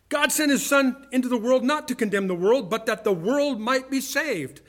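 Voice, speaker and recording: A male pastor preaching a sermon, acting out courtroom exchanges and moving between loud bursts and quiet asides. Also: very high voice, normal speed, hardly any pauses.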